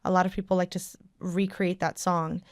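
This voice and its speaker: A woman's voice: on the low side, fairly quick, no echo. A woman hosting a podcast in a studio, chatting casually and acting out the voices in her stories. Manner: animated storyteller, acts out quoted voices. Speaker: podcast host. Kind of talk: casual chat.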